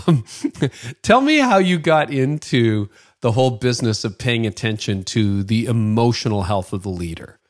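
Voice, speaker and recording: A man's voice: mid-range voice, animated, normal speed, no room sound, clean studio sound. A middle-aged Canadian man hosting a leadership podcast, reading ads and interviewing a guest with enthusiastic, conversational energy. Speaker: podcast host. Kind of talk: ad reads and interview.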